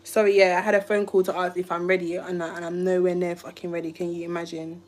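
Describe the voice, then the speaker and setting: Woman from the UK, lowish voice, emotional rambling story, live stream. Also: level tone, fast talker, a little mellow. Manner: emotional, rambling, restarts often. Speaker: YouTuber. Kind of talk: casual livestream storytelling.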